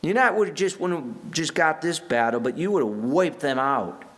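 A man's voice: a little high, animated, moderate pace, a bit bright. Earnest man preaching a sermon. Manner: earnest, conversational, with frequent restarts. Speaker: pastor.

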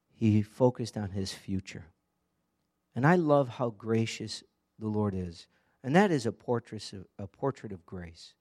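A man's voice: medium pitch, a little mellow. A man preaching an earnest, conversational sermon, often asking the congregation direct questions. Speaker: pastor.

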